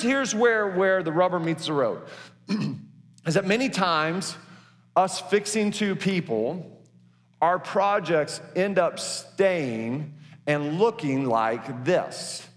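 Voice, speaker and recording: A man's voice: fairly high pitch, lively intonation, slow pace, big-room sound. A man preaching a sermon as pastor, folksy and stumbling over his words with many restarts, in a church.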